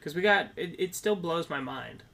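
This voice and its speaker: A man from Minnesota co-hosting a film podcast in casual chat, excitable and laughing often. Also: fairly high pitch, normal speed, creaky. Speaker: podcast co-host.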